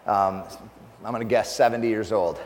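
A man telling a funny story in a sermon, laughing often and speaking with animated energy as a preacher. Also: on the low side, normal speed, big-room sound, a little hiss or hum.

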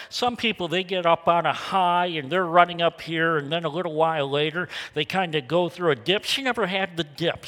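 An older male pastor preaches in a slightly high voice, telling stories and leaning hard into his key phrases. His words trail off into a long hall reverb. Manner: storytelling, emphatic, swings loud and quiet. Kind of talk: sermon.

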